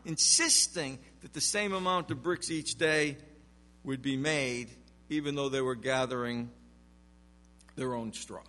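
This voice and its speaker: Slow, bright-voiced man preaching emphatically. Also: high voice, in a large hall. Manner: emphatic preaching with rhetorical questions. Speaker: pastor. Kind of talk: expository sermon.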